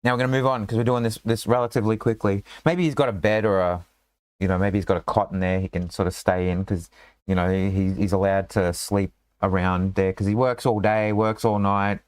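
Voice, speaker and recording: A man's voice: lowish voice, fairly even intonation, fairly quick, clean tone, dry recording. A man running a tabletop game as game master, in a rambling, casual way full of fillers and restarts.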